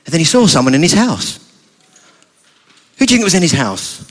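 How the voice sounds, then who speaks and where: In a fairly high, sing-song voice with a brisk delivery, a man with a British accent spins a playful story for a family church service. Questions to the children come up often.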